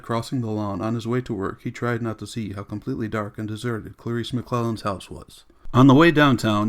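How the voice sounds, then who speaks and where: A man narrating an audiobook in a steady, measured reading. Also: fairly low pitch. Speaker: audiobook reader.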